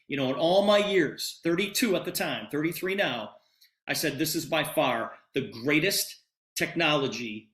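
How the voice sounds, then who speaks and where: A man in his fifties telling a story as a sales pitch on a video call, acting out both sides of a conversation with a lot of "I said" and "he goes.". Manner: animated retelling, quoting dialogue with repeated "I said". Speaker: presenter of a business opportunity. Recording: roomy echo.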